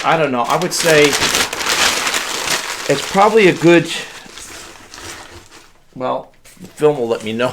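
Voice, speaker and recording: A man chatting casually to viewers while he packs a box, rambling and calling them folks, in a workspace away from his house. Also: a little high. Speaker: online reseller. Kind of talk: casual talk to camera while packing. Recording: clicks and clear background noise.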